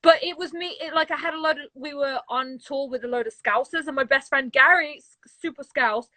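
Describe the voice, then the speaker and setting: A woman's voice: high-pitched, brisk, bright, forceful tone, dry recording, rough recording. A woman from England with a Birmingham accent, chatting animatedly and giggling on a livestream video call. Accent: Birmingham English. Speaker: guest. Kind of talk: casual chat on a livestream. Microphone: phone on a live video call.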